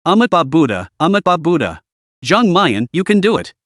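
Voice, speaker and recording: A man's voice: on the high side, big pitch swings, brisk, a bit bright, dry recording, studio quality. A man voicing a flustered young college man talking to himself and to a girl.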